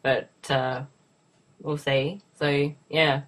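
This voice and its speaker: A woman's voice: low-pitched, fairly even intonation, slow. A woman with an Australian accent hosting a podcast in casual, playful banter, a bit sick today. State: slightly sick. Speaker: podcast host. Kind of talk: casual chat.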